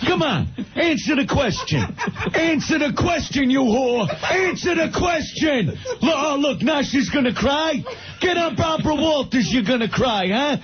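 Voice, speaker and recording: A man putting on a crude, abusive stand-up comic who shouts insults and cackles. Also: very high-pitched, animated, measured pace, faint music behind, voice pushed up. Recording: muffled radio tape with hiss.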